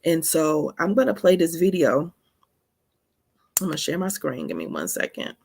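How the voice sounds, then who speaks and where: A woman hosting an informal spiritual teaching, speaking in an animated, emphatic way. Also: low voice, moderate pace, gravelly, slightly rough. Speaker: host and teacher.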